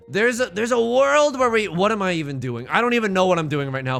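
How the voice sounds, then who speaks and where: A man's voice: high voice, lively intonation, quick pace, vocal fry, few pauses, a bit bright, soft background music. A man streaming a game live, rambling and joking with his chat between plays. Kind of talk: live-stream gameplay commentary.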